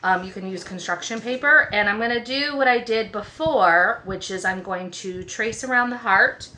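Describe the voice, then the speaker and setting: A woman art teacher walking through a craft project step by step, gentle and reassuring. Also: medium pitch, moderate pace. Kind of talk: craft tutorial.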